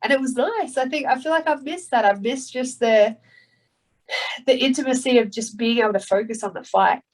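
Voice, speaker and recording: A woman's voice: on the high side, moderate pace, rough recording. An Australian woman in her thirties chatting casually in an interview, swearing freely and laughing easily. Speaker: guest fighter.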